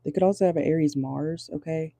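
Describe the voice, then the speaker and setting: Dark-voiced casual tarot reader in a car. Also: mid-range voice, fairly even intonation, creaky, dry recording. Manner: pauses often while channeling; casual, swears, laughs nervously. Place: inside a car.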